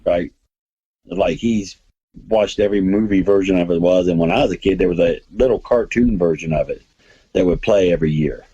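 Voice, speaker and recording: A man's voice: low-pitched, fairly quick, dark tone, slightly rough, lo-fi sound. A man hosting a podcast, chatting casually and rambling enthusiastically about comics and movies. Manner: rambling, enthusiastic, many restarts. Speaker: podcast host.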